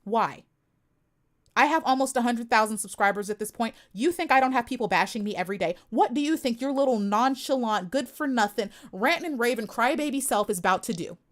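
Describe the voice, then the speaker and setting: Young woman streamer from the US, slightly high-pitched, sharp and sassy, scolds her chat head-on. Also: expressive, a little fast. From United States. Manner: sassy, confrontational, emphatic repetition. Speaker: livestream host. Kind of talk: live stream chat commentary.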